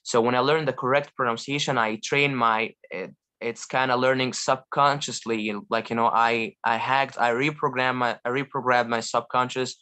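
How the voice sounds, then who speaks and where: Enthusiastic man from Egypt, halting. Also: medium pitch, steady tone, sharp tone. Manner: earnest, enthusiastic, many fillers and restarts. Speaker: guest language learner. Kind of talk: casual chat on a live call.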